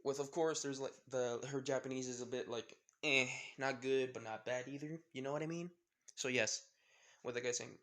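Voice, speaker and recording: Man, storyteller, improvised fan fiction, rambling, restarts, middle pitch. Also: fairly even intonation, normal speed, a bit bright. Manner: rambling, many fillers and restarts.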